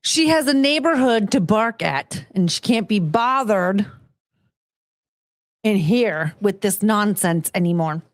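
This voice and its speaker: Slow-talking giggly woman podcaster. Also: medium pitch, animated, dry recording, studio quality. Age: 30s. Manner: giggly, chatty, frequent laughter; rambling with many fillers. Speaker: podcast host. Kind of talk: casual chat.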